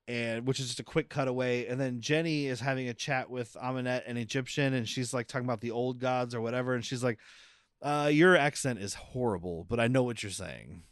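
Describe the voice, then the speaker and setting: A man's voice: mid-range voice, smooth, no room sound, clean studio sound. A man co-hosting a podcast, casually recapping a movie in a rambling, jokey way with lots of filler words. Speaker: podcast co-host.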